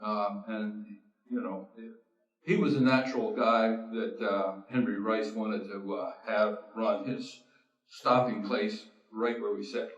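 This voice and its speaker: Man stumbling through a history bit, lowish voice, roomy far-off sound, faint music behind. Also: fairly even intonation, dull audio. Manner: halting, many fillers and restarts. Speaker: panelist. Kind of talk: local history talk. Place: town hall.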